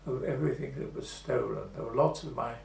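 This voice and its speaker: A man in his eighties recalling the past in an oral history interview, telling his story slowly and with pauses. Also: mid-range voice, vocal fry, darkish tone. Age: 80s. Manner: slow, measured storytelling with pauses. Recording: echoey room with faint hum.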